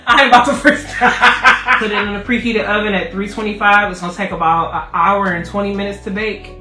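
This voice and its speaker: A woman in her thirties hosting a baking livestream in casual chat, swearing freely and breaking into loud comic rants. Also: mid-range voice, level tone, fast talker, reverberant, recorded from a distance, soft background music. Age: 30s. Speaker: baking show host.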